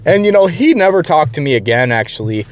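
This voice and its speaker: Young male vlogger, slightly higher voice, casual profane rant, loose and rambling. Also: big pitch swings, fairly quick. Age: young adult. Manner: blunt, profane, rambling with restarts. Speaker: channel host.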